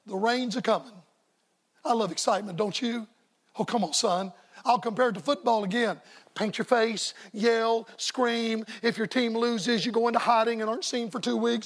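A man preaching a revival sermon as a staff evangelist, folksy and emphatic, sometimes rising to shouts. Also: very high-pitched, moderate pace.

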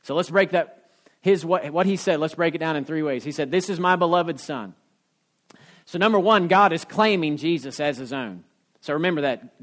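High-voiced folksy preacher man. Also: a bit bright. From Ohio. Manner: folksy storytelling preacher, rising to emphatic peaks. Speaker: pastor. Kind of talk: sermon.

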